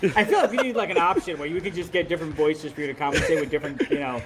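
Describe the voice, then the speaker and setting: Man, esports co-commentator, playful banter, somewhat high-pitched voice. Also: racing, a bit bright. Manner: playful, laughing banter between play calls. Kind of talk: joking color commentary.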